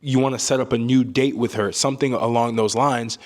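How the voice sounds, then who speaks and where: Man, communication coach, emphatic, repeats himself, motivational lesson, mid-pitched voice. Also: steady tone, fairly quick. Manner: emphatic, repeats points, tag questions.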